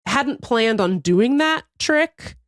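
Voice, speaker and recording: A woman co-host spins a comedy story on a podcast, her pitch leaping all over as she laughs and acts out the people in it. She swears casually and keeps the energy up. The sound is close and dry, with no room around it. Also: takes it slowly, no room sound. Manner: animated storytelling, laughs often.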